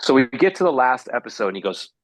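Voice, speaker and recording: A man who hosts game shows, a guest telling a story with lively energy. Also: medium pitch, quick pace, dry recording. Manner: lively, acts out quotes in raised voice. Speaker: game show host, guest. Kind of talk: animated storytelling.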